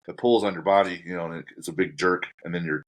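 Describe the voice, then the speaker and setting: Deep-voiced male podcast host telling stories. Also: fairly even intonation, fast. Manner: vivid step-by-step storytelling, acts out his own reactions. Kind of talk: casual storytelling chat.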